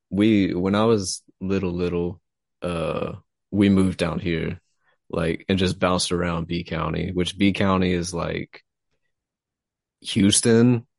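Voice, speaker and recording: A man's voice: deep voice, creaky, darkish tone, no echo, studio quality. A man from Texas, a writer talking loosely and profanely as a guest in a casual interview. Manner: loose and profane, laughing easily.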